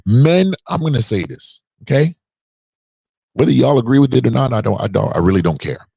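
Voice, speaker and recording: A man's voice: mid-range voice, lively intonation, a little fast, gravelly, dark tone, slightly rough, dry recording, lo-fi sound. A man around forty giving an emphatic, preachy opinion monologue on a podcast. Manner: emphatic and preachy, drawing out key words. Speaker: podcast commentator.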